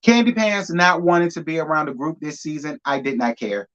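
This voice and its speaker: Man, sassy, emphatic, somewhat high pitch, muffled audio. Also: fairly quick, fairly bright tone. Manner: sassy, emphatic, repeats lines for effect. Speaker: reality TV recap host. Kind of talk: live review commentary.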